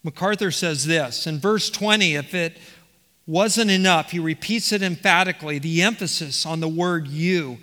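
A man's voice: a little high, measured pace, bright, forceful tone. A man preaching a verse-by-verse sermon as the pastor, reading passages aloud and often restarting his phrases. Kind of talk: expository sermon. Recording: reverberant hall.

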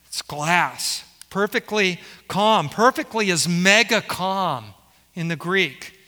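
A man's voice: high-pitched, lively intonation, slow, pushed and bright, big-room sound. A man preaching a sermon as pastor, explaining scripture and asking the congregation rhetorical questions.

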